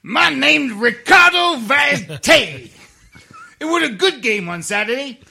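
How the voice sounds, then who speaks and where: A man putting on the voice of a brash, crude, boastful male footballer, shouting his lines. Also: very high-pitched, big pitch swings, slow pace, vocal fry, voice pushed up, exaggerated voice. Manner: shouted, loud over-the-top delivery.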